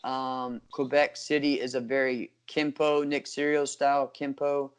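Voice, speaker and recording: A man's voice: mid-range voice, monotone, unhurried, clear, resonant tone. A middle-aged man co-hosting a martial arts podcast, talking in an easygoing, nostalgic way. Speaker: podcast co-host. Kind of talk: casual chat.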